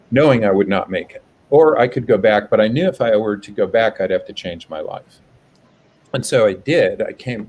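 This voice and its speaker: A man being interviewed over a video call, telling a personal story in a reflective, halting way. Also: fairly low pitch, slight background noise, rough recording. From United States. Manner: reflective, halting, with soft restarts. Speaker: guest, public health professor.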